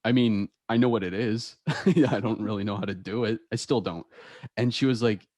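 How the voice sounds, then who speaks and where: Casting: young male podcast host, lowish voice, dry close sound, laughs easily while telling stories. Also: normal speed, a little mellow, dry recording. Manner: laughs often, storytelling with quoted voices. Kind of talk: casual chat.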